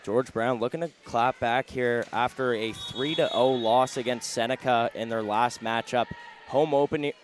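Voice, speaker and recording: A man's voice: mid-range voice, moderate pace. A man giving color commentary at a volleyball game, summing up scoring runs and the score. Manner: analytic, sums up runs and scores. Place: indoor gym. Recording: commentary with noisy gym behind.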